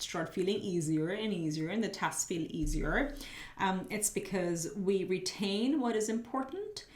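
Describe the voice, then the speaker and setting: A woman's voice: mid-range voice, echoey room. A woman host giving a pick-a-card tarot reading, chatty and spiritual, her voice slightly muffled as she is losing it. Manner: chatty, spiritual, thinks aloud while laying cards. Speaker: tarot reader.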